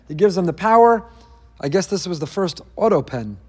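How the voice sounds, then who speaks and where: A man with a high-pitched voice teaching a weekly Torah class, dropping in wry jokes and asides. His words ring out with a long reverb, as in a large hall. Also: animated, normal speed, darkish tone, breathy edge.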